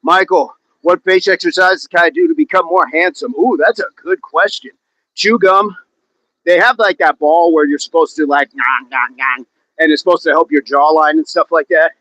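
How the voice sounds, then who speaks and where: Outdoors on a live workout stream, this fitness host counts his reps out loud, cracks jokes with the chat and laughs a lot. He speaks at a moderate pace in a fairly high, fairly bright voice, and the audio quality is poor.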